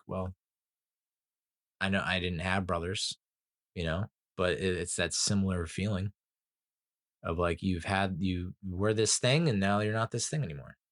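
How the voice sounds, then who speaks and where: Male host, low voice, dry close sound; loose, profane, emotional monologue review. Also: fairly bright tone, no room sound. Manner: emotional, rambling, swears a lot. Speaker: movie reviewer. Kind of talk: casual movie review monologue.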